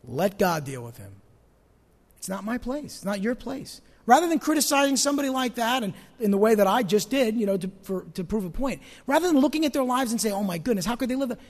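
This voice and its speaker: A male pastor preaching a sermon, asking his congregation rhetorical questions and swinging between loud emphasis and hushed asides. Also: very high-pitched, big pitch swings, fast talker, long reverb tail.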